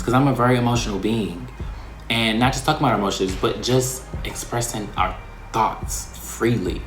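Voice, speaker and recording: A man hosting his own vlog, talking in a casual, reflective way, slangy and expressive. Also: medium pitch, echoey room. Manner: slangy and expressive, breaking into laughs. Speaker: vlog host.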